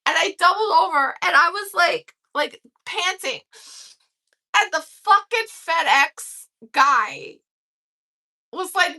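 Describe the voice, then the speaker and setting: Bright, animated profane woman. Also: very high-pitched, takes it slowly. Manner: profane and animated, laughing through stories. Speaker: livestream host. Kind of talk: casual storytelling.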